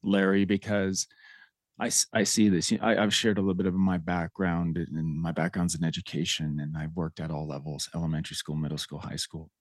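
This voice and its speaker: A man's voice: sits low, fairly even intonation, quick pace, hardly any pauses, no echo, studio quality. A man hosting a podcast interview, with an earnest, heartfelt and reflective manner. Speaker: podcast host, educator. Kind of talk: casual interview.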